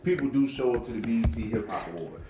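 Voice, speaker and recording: A man co-hosting a podcast in casual chat, chiming in with quick agreement. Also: medium pitch, expressive, over music. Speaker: podcast co-host. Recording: echoey room from a distance.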